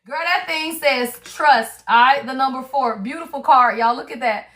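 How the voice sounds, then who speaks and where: A woman's voice: sits high, normal speed, fairly bright tone. A woman doing a spiritual card reading on a livestream, chatty and emphatic, talking straight to her viewers with casual slang and swearing. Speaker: tarot reader.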